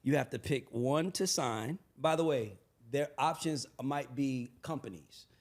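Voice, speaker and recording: A young man hosts a podcast in relaxed, animated conversation. He talks in a middle register and keeps the chat moving with energetic praise for his guest. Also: medium pitch, a little slow. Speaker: podcast host. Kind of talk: casual interview chat.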